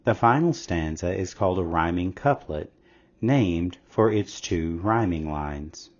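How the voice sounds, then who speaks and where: A man narrating a scripted English lesson in a slow, measured, explanatory way. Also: sits low, lively intonation. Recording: slightly dull lo-fi audio.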